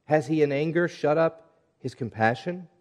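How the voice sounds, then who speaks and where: A man preaching a sermon, reading scripture and speaking in a measured, earnest way that drops to hushed tones at times. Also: on the high side. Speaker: pastor.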